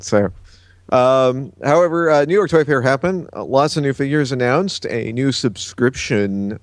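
A man's voice: medium pitch, measured pace, no room sound, clean studio sound. A man co-hosting a casual podcast, reading out news from his notes with lots of uh fillers. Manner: relaxed, reads from notes with frequent uh fillers.

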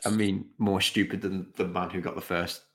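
A man's voice: low voice, little pitch movement, moderate pace, fairly bright tone. A young man in his twenties co-hosting a podcast, chatting casually and rambling with lots of hesitations. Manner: rambling, hesitant, many "you know"s. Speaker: podcast co-host. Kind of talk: casual chat.

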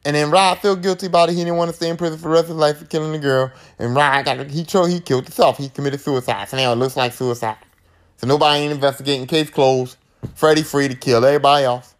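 A man hosting a podcast, recapping a film in a casual, animated, profane storytelling manner. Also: a little high, quick pace. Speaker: podcast host.

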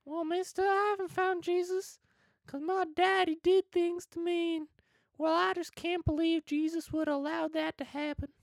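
A man voicing a timid twelve-year-old boy who calls a comedy podcast, in a squeaky falsetto with a slow, pleading drawl. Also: flat delivery, vocal fry, no room sound, clean studio sound.

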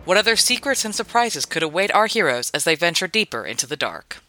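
A man's voice: sits high, big pitch swings, quick pace, bright, forceful tone, no echo, soft background music. A man narrating a dramatic recap of a tabletop game session and then playing along with the group. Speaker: player.

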